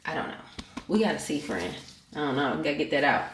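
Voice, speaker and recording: A woman's voice: low voice, animated, quick pace, roomy sound, slight background noise. A woman, talking to camera in a casual vlog, chatty and blunt, swearing freely. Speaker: vlogger.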